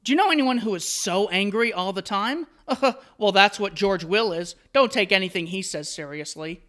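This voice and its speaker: A man's voice: high voice, animated, moderate pace, bright, forceful tone. A man hosting solo commentary, reading out an article and answering it with sarcastic, mocking asides. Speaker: commentary host.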